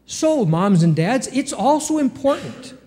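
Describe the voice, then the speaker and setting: A man preaching a sermon as pastor, with rhetorical questions and sudden jumps up in pitch. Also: sing-song, a little slow, mellow. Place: church sanctuary. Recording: long reverb of a church hall.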